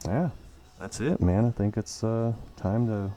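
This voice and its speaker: A man co-hosting a casual podcast, laid-back as he gives shout-outs and plugs. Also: on the low side, measured pace. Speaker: podcast co-host. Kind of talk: casual chat.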